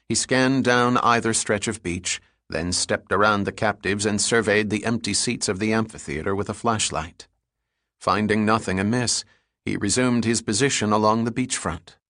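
A man narrating a thriller audiobook chapter in a steady, measured way. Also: on the low side, no room sound, studio quality. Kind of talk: scripted narration.

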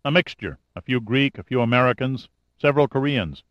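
A man's voice: mid-range voice, expressive, fairly quick, fairly bright tone, no echo, muffled recording, lightly acted. A man reading an audiobook, voicing an easygoing male private investigator with a matter-of-fact manner.

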